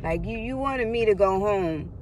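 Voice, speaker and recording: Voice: mid-range voice, lively intonation, moderate pace, a little mellow. Earnest storyteller over traffic noise. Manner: earnest and repetitive, stumbles and restarts, speaks directly to viewers as "y'all". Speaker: vlogger sharing a personal testimony. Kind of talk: emotional personal testimony to camera.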